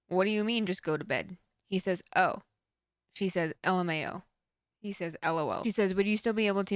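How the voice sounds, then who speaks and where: A young woman hosting a true crime reaction video, reading text messages aloud in a flat run and breaking off for blunt, profane asides. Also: lowish voice, clear, resonant tone, no echo, studio quality. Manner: reads texts flatly, blunt asides with swearing. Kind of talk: casual reading and commentary.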